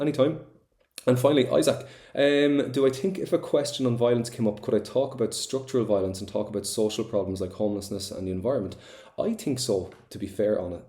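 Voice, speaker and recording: Quick-talking Irish teacher, roomy sound. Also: male voice, lowish voice, mellow. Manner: chatty, encouraging, answers students by name. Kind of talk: online revision class. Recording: roomy echo.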